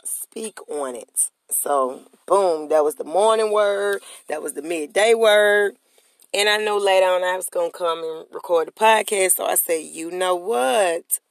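A motivational podcast host with a gravelly, creaky voice, recorded dry and close with no room sound. The host preaches in repeated, call-and-response phrases. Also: medium pitch, measured pace, dry recording. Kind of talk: motivational talk.

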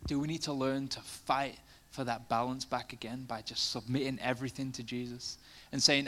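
A man's voice: mid-range voice, fairly even intonation, moderate pace, sharp tone. Male preacher, casual and chatty in his sermon, swelling into fervent emphasis. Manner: conversational, many fillers, rising to passionate emphasis.

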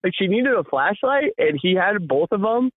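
A man co-hosting a podcast, telling a rambling, animated story in casual chat with frequent laughs. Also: high-pitched, normal speed, no room sound. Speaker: podcast co-host. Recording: tinny phone-line sound, dry.

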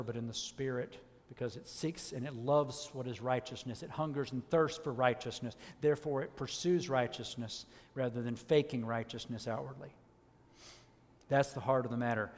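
Impassioned male preacher in a reverberant hall. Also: a little mellow. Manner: impassioned, rising to emphatic peaks then dropping low. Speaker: elder preaching. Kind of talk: sermon.

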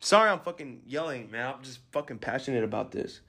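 A man's voice: medium pitch, animated, brisk, bright, forceful tone. A man hosting a podcast, giving an aggressive, swear-filled motivational rant at the listener. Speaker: podcast host.

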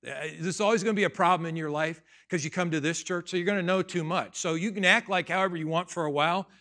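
Bright-voiced male pastor preaching conversationally. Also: high-pitched, steady tone, quick pace. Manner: conversational, swings from quiet asides to loud emphatic bursts. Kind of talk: sermon with personal story.

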